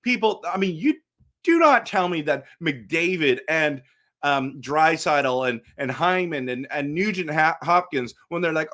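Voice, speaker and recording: A man's voice: fairly high pitch, animated, measured pace, bright, forceful tone. A middle-aged man hosting a casual hockey fan vlog, chatting animatedly and talking straight to his viewers, with frequent repeats and restarts. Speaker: hockey fan channel host.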